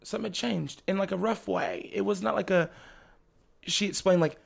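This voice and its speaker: Gravelly young man telling a lively story. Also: high voice, moderate pace. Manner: animated, laughs often, slips into the voices of family members. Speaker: podcast guest. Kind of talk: casual storytelling chat.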